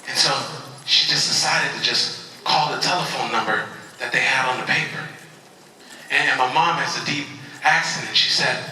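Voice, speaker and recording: A man's voice: medium pitch, steady tone, normal speed, pushed and bright, a little hiss or hum. A man giving an emphatic motivational speech at a convention, leading the audience in call-and-response. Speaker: motivational speaker. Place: convention hall. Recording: echoey hall from far off.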